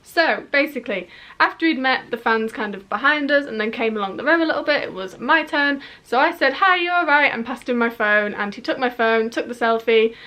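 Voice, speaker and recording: Chatty young Yorkshire woman, bright voice. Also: a little high, brisk. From northern England. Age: 20s. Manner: chatty, rambling with many fillers. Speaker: vlogger. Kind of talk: storytime vlog.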